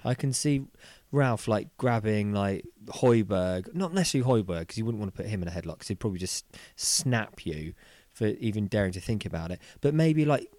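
Man, podcast co-host: animated, laughing, swears freely, dry close sound. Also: on the low side, moderate pace, hardly any pauses, no room sound. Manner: animated, laughing, swearing, lively mock voices. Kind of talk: casual chat.

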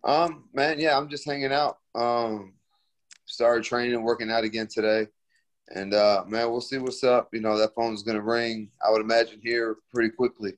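A man's voice: medium pitch, flat delivery, normal speed. A young man, a fighter, answering interview questions in a laid-back, slangy way full of fillers.

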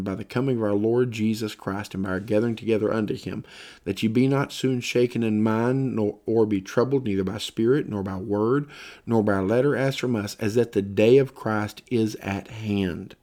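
Tired man teaching Bible prophecy, low mellow voice. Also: fairly quick. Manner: reads scripture aloud in a rising, emphatic voice, talks loosely with fillers in between. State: tired, yawning. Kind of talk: sermon-style Bible lesson.

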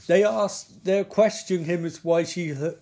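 A man's voice: high voice, moderate pace, mellow. A man giving a rambling, sweary, sarcastic live recap of a TV episode, often forgetting character names. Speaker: TV episode reviewer. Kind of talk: casual live-watch commentary.

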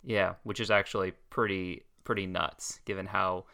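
A man's voice: low voice, level tone, normal speed, creaky, sharp tone. A man co-hosting a casual podcast, rambling through stories with frequent laughs. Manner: rambling, laughs often, many fillers. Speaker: podcast co-host.

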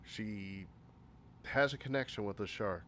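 A man's voice: on the low side, a little slow, a bit bright. Rambling man griping about movies. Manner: rambling, filler-heavy, exasperated. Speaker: movie reviewer. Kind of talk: casual list-style movie critique.

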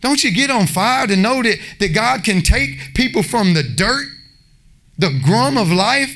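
A man preaches with fervor, his voice pitched notably high for a man. He swings between loud exhortation and quieter pleading, acting out short bits of dialogue along the way. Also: lively intonation, unhurried. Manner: passionate, impassioned preaching with acted-out voices. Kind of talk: sermon.

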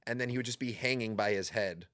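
A young man co-hosting a podcast, telling dark jokes in a flat deadpan way in a small studio. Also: mid-range voice, quick pace, no room sound. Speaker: podcast co-host. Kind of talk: casual chat.

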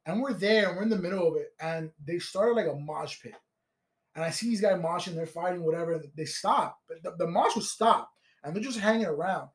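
Young male podcast guest, high-pitched, rambling profane storyteller, recorded in a roomy space. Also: fairly quick. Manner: rambling, swearing, many fillers. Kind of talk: casual chat. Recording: roomy echo.

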